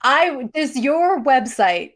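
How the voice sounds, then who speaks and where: A woman's voice: high voice, slow. A woman in her forties co-hosting a podcast, telling a story with lots of laughter in casual chat. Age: 40s. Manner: animated storytelling, laughs often. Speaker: podcast co-host.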